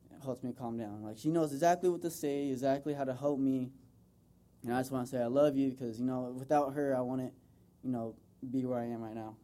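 With slight background noise behind him, a young US man talks a little fast in a warm, mid-range voice with fairly even intonation. He's honoring his mother before an audience in an informal, rambling speech loaded with fillers.

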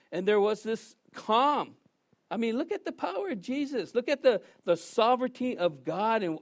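A pastor preaching a sermon to his congregation, emphatic and repeating phrases for emphasis, putting questions to the listeners. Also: sits high.

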